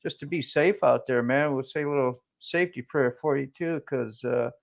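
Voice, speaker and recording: A man's voice: medium pitch, moderate pace, gravelly. A man in a live stream chat, speaking politely and offering caring well-wishes to a friend.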